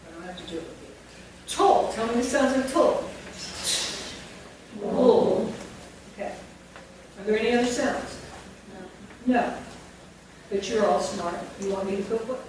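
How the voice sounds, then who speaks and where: A woman's voice: a little high, fairly quick, pauses often. A woman leading a phonics teacher training workshop, demonstrating classroom instruction step by step. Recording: echoey room from far off with noise.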